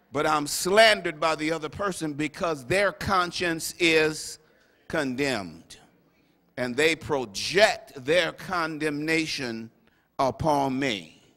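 A man serving as bishop, preaching a sermon to his congregation with animated, humorous asides and acted-out quotes. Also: fairly high pitch. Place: large church sanctuary. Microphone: stage microphone. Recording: live sermon with long hall reverb.

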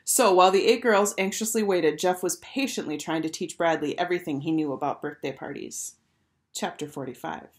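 Teacher reading a children's novel aloud; fairly low, clear, expressive. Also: female voice, fairly quick. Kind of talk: storybook read-aloud.

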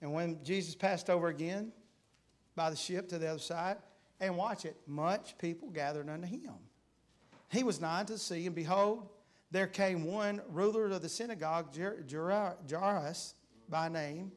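A man preaching a sermon in a church with a high-pitched voice. He reads scripture in old-fashioned wording and builds fervently as he pleads. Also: moderate pace. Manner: fervent, rising to shouts when pleading; reads scripture aloud in King James wording. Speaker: guest preacher. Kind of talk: revival preaching. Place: church sanctuary.

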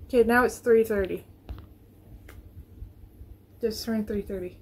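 A woman's voice: fairly high pitch, fairly even intonation, a little slow, slight background noise. A woman vlogger chatting to viewers in a casual reaction video, nervous and rambling, recorded on her phone.

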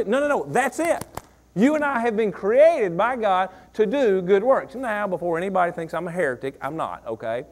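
A man's voice: sits high, expressive, normal speed. A man, preaching a sermon, repeating phrases and asking the congregation questions. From Mississippi. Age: 40s. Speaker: pastor.

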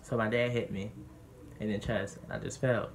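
A young man vlogging, candidly telling a personal story in a lively, animated way that gets heated when he quotes others. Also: on the low side, moderate pace, a little hiss or hum.

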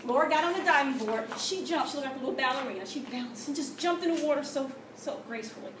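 Woman with a high voice sharing an animated testimony, recorded from far off in a roomy space. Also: quick pace. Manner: animated storytelling with gasps and quoted prayers. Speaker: testimony speaker. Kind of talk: church testimony. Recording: echoey room from far off with noise.

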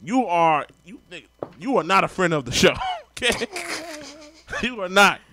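A man's voice: high-pitched, very animated, normal speed, a crowd in the background. A man, heatedly ranting and swearing through casual podcast commentary. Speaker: podcast co-host.

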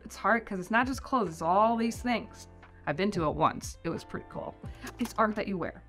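A woman's voice: medium pitch, animated, normal speed, fairly bright tone. A middle-aged American woman vlogging tips on life abroad, in a rambling, chatty way full of "like". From United States. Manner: chatty, rambling, heavy use of "like". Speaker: vlogger giving tips on life in New Zealand. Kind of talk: casual talking-head vlog. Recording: faint music underneath.

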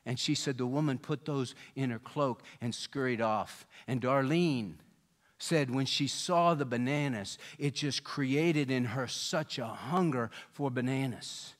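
A man preaching a sermon, telling a story and acting out the people in it with a raised voice. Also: measured pace. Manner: storytelling, voicing quoted people with rising pitch and volume. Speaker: pastor.

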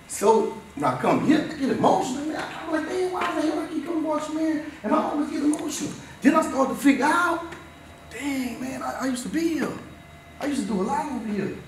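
High-voiced man giving a passionate pep talk. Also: a little hiss or hum. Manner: passionate, repetitive, talks straight to the players. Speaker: former player giving a motivational talk. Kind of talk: motivational speech to a football team. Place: school locker room. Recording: echoey room, picked up from a distance.

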